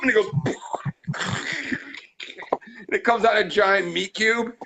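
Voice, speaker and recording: Gravelly, bright-voiced rowdy man. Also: sits high, animated, moderate pace, long pauses, soft background music, poor audio. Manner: rowdy, joking, crude humor. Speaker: trapping channel host. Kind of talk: casual storytelling.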